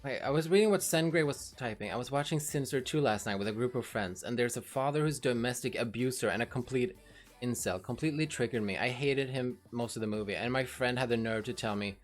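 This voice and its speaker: A woman's voice: rumbling low, fast, soft background music. Frank, swearing woman streamer chatting. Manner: frank, swears freely, talks to chat. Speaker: livestreamer. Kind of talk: casual livestream chat.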